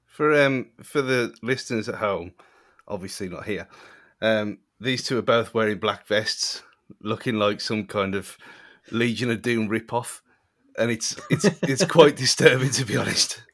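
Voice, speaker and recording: A man's voice: on the low side, a little slow, fairly bright tone. A man on a casual podcast who chips in with dry, teasing asides. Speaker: podcast co-host.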